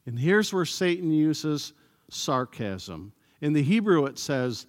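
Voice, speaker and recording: A man preaching a sermon as pastor, slow and emphatic, sometimes acting out sarcastic voices. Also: fairly high pitch. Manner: animated, acts out sarcastic voices; slow, emphatic delivery with pauses. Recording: long hall reverb.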